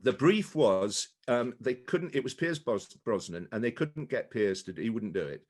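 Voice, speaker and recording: Man, southern English accent, guest actor, casual chat, animated storyteller, swooping intonation. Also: mid-range voice, normal speed. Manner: animated storyteller who slips into voices.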